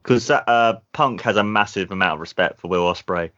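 A man's voice: lowish voice, normal speed, fairly bright tone. A man co-hosting a casual podcast chat, enthusiastic and rambling. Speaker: podcast co-host. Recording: dull lo-fi sound.

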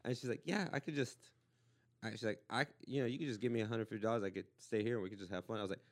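A man's voice: on the low side, very fast. A man from Los Angeles hosting a podcast, telling a rambling, laughing story in casual chat. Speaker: podcast host.

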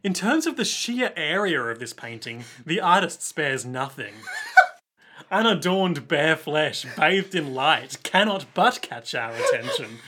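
A man's voice: a little high, sharp tone, a little hiss or hum. A man co-hosting a casual podcast, reading florid text aloud in a mock-solemn way and chuckling through it. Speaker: podcast co-host. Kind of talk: casual chat, reading art analysis aloud.

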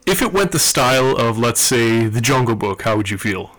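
A man speaks at an ordinary, middle pitch as he thinks aloud in a relaxed podcast conversation. His delivery is earnest and a little wandering. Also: moderate pace, crowd noise. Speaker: podcast co-host. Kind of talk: casual chat.

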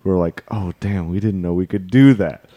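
A young man with a low, mellow, dark voice tells a story in a casual chat. He keeps it animated and laughs often between lines. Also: moderate pace, dull audio.

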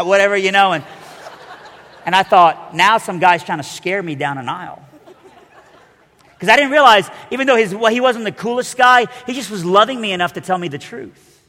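A man's voice: high-pitched, a little fast, bright, forceful tone, in a large hall. A man preaching a sermon, telling his story with animation and acting out the voices of the people in it.

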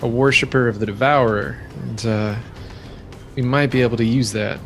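A man's voice: mid-range voice, steady tone, moderate pace, faint music behind. A man playing a tabletop game who chats in an easygoing, friendly way. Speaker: player.

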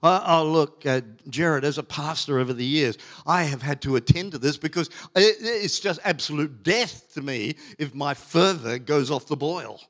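A middle-aged man preaches a sermon from the pulpit. His voice sits a little high for a man. He leans hard on key words and stretches them out, with plenty of fillers and restarts in between. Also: normal speed, few pauses, a bit bright. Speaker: pastor.

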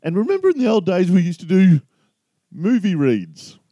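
A man's voice: sits high, huge pitch swings, normal speed, mellow, dry recording, muffled recording. A middle-aged Australian man co-hosting a podcast in casual chat, an easygoing storyteller spinning a yarn. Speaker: podcast co-host.

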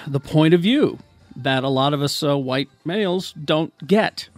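A man hosting a podcast in casual chat, laid-back and quick to laugh. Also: on the high side, no room sound, soft background music. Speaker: podcast host.

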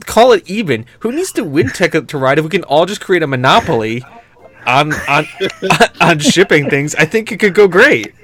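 A laid-back man chatting casually while playing a board game, his voice sitting a little high. He rambles and trails off into laughs, and often drops his voice low and soft. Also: big pitch swings, moderate pace. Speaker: podcast host and editor.

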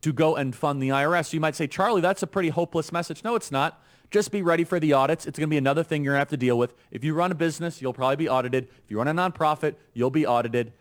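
A man speaking in a played clip of a political talk show, his voice a little on the high side. He lectures emphatically, issuing warnings. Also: rapid-fire. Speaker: political commentator.

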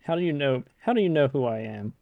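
A man voicing a skeletal male scholar in robes, speaking slowly and indignantly with a British accent. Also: mid-range voice, big pitch swings, creaky, no room sound, phone-quality sound. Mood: wary. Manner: slow, drawn-out indignant delivery.

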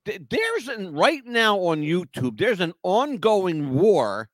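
A man hosting a casual talk show, his voice rising and falling with lively, animated swings as he rambles through stories with emphatic asides. His tone sits a little on the higher side, and the recording is dry and close, with no room sound. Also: slow pace, dry recording. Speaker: podcast co-host. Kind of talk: casual chat.

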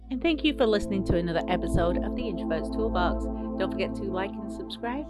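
A woman reading a podcast outro in a lively, inviting way. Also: mid-range voice, fast. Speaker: podcast host. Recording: voice over loud music.

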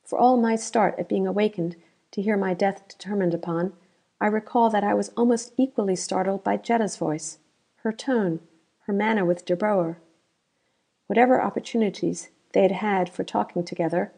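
A woman narrating an audiobook in a steady, measured reading. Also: medium pitch.

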